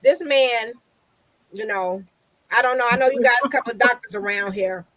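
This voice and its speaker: Woman telling her story, kinda high voice, dry sound, keeps repeating herself. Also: moderate pace, fairly bright tone, no room sound, low-quality recording. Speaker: guest. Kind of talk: casual chat.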